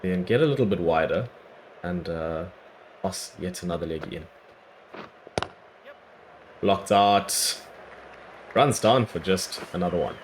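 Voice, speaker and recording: A man with a hoarse, worn-out voice giving chatty play-by-play commentary on his own cricket video game, breaking into excited cries at big moments. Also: deep voice, slow pace, long pauses, slight background noise. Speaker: gaming YouTuber. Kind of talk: casual play-by-play gameplay commentary.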